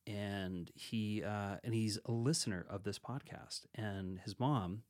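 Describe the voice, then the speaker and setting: Low-ish guy teacher on a podcast, rambles, restarts a lot, chuckles. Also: slow, a little mellow. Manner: rambling, self-correcting, laughs easily. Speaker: meditation teacher and podcast co-host. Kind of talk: casual podcast chat.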